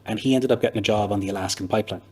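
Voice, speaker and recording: A man's voice: fairly low pitch, rapid-fire, a little mellow, slightly rough. An Irish man, a pub owner, telling his story in a chatty, rambling interview with lots of fillers. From Ireland.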